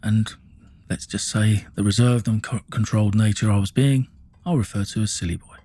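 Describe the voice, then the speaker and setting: A man's voice: lowish voice, steady tone, moderate pace, warm tone. Blunt, sweary Essex man telling a story. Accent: Essex English. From England. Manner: blunt, sweary, with many restarts and "you know what I mean". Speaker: storyteller recounting his life. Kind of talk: casual spoken storytelling.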